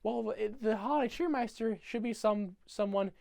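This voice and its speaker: Earnest little girl, high-pitched, done by a man. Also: moderate pace, creaky, a little mellow, no room sound, studio quality.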